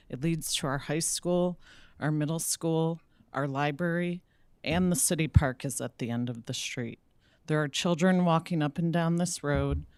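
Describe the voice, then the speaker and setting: A woman's voice: low-pitched, a little mellow, clear, resonant tone, no room sound. A woman resident giving firm, orderly public comment from prepared talking points at a city commission meeting. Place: city council chamber.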